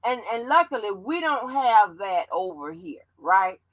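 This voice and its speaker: A woman hosting a livestream, talking bluntly and profanely in animated commentary. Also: medium pitch, unhurried, no echo, highs cut off. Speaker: channel host.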